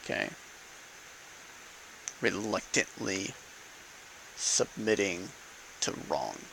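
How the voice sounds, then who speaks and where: A man's voice: sits low, expressive, extremely slow, gravelly, sharp tone, slight background noise, low-quality recording. A man giving a casual, argumentative political monologue to camera, punctuating points with rhetorical "okay?" and "right?". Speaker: vlogger speaking to camera.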